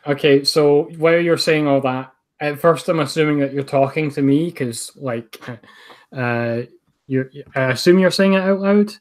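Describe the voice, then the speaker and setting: A man playing a tabletop role-playing game, speaking hesitantly with many pauses. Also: a little high, darkish tone. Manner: hesitant, halting. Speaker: player. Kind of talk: casual tabletop role-play chat.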